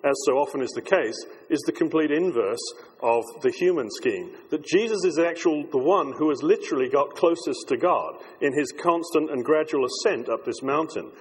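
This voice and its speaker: A man's voice: a little high, normal speed, slightly rough. A male preacher giving a reflective, discursive sermon, often restarting his phrases as he thinks aloud. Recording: long hall reverb.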